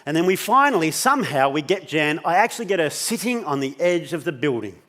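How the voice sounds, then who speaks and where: A man giving a storytelling keynote talk, animated and casually swearing as he acts out the dialogue. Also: fairly high pitch, brisk. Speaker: keynote speaker.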